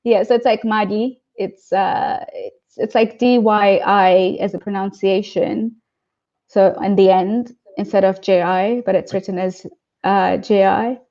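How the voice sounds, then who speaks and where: A woman's voice: mid-range voice, steady tone, measured pace, mellow, lo-fi sound. A woman guest in a casual interview, chatty, laughing often and acting out what people said. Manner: chatty, laughs often, acts out quoted voices.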